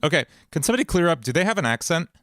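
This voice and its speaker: A man's voice: on the high side, big pitch swings, very fast, fairly bright tone, no echo. A man streaming casually from his home basement studio as he writes music, joking, laughing often and mocking himself. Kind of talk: casual livestream chat.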